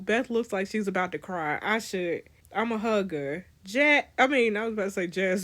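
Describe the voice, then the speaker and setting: Animated woman reading a story game. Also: medium pitch, unhurried. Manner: animated, laughs often, teasing asides to viewers. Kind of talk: reading choices-game dialogue with live reactions.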